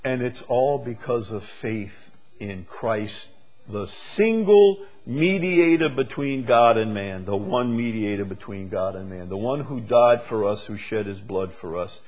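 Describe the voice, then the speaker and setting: A man's voice: lowish voice, animated, a little slow, a little mellow. A man preaching a sermon as pastor, emphatic and building his points through repeated phrases. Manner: emphatic, repetitive preaching cadence.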